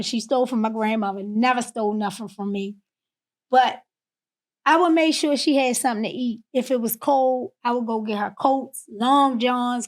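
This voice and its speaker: Woman, from Baltimore, podcast guest, personal storytelling, candid, emotional, fairly high voice. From Baltimore, USA. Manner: candid, emotional, drifts soft on painful parts.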